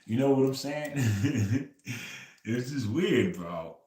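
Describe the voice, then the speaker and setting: A man's voice: medium pitch, animated, slow, warm tone, roomy sound. A man hosting a casual livestream, telling stories loosely and tagging "bro" onto nearly every phrase. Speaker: livestream host.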